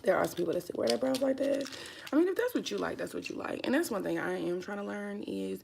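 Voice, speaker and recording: A woman's voice: mid-range voice, animated, fast, creaky, a little mellow, a little hiss or hum. A young woman, chatting casually to viewers while doing her makeup, calling them honey and y'all. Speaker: vlogger. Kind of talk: casual makeup vlog chat.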